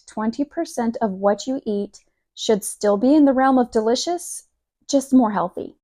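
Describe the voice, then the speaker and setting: A woman vlogger talks through food advice in a casual, upbeat way, cheering her viewers on. Her voice sits a little high, and she sounds like a friendly parent chatting. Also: warm tone. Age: adult parent. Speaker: lifestyle vlogger.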